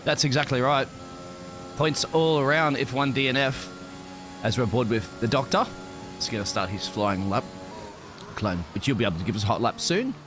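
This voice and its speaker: A man's voice: medium pitch, animated, normal speed, pauses often, music in the background. A man hosting and commentating a sim racing league race, chatty and jokey. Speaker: lead commentator.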